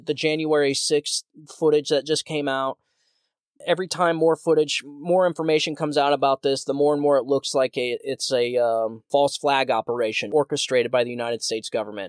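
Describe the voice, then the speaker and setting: A man's voice: mid-range voice, steady tone, a little fast, no room sound, studio quality. A man hosting his own podcast, talking in a heated, ranting way with many restarts and repeated words. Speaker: podcast host. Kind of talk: solo political commentary podcast.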